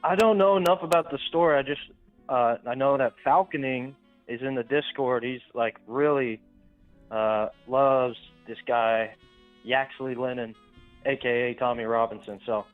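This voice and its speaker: A man's voice: mid-range voice, steady tone, normal speed, soft background music. A man calling in to a talk show, speaking hesitantly with many fillers. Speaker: caller. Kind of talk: casual call-in talk. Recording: tinny phone line.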